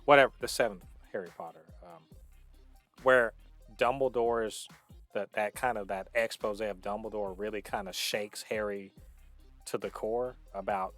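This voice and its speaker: A man's voice: on the low side, fairly even intonation, normal speed, fairly bright tone, soft background music. A man co-hosting a casual movie review podcast, explaining emphatically with frequent restarts. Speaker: podcast co-host.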